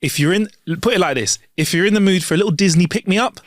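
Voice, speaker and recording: A young man with a British accent jokes and rambles in sarcastic podcast banter. His voice sits a little high, and the close recording is dry. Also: fast, no room sound. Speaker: podcast co-host. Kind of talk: casual chat.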